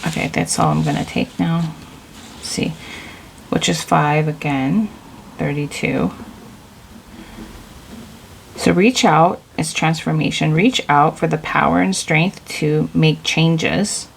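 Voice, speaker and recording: A woman's voice: deep voice, slow pace, vocal fry, pauses often, a little hiss or hum, low-quality recording. A woman giving a casual, intuitive tarot reading, rambling loosely and leaning on filler words as she goes. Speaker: tarot reader.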